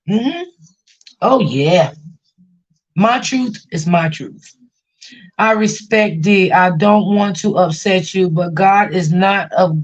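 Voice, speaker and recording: A woman talks on a casual livestream at a mid pitch, venting about family matters. She often repeats herself and reassures her chat viewers. The audio is slightly dull and muffled. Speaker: livestream host.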